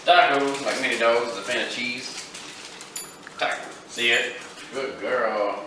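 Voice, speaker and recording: A man's voice: mid-range voice, measured pace, long pauses. A man hosting a casual cooking vlog in a kitchen, talking in a laid-back, folksy way. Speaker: fishing channel host. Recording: echoey kitchen, mic far off, noisy. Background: frying and sizzling.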